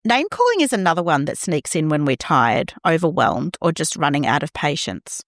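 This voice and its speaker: Gentle, animated woman podcast host. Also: low voice, moderate pace, no echo, studio quality. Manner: gentle, reassuring, acts out quoted lines. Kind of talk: scripted podcast monologue.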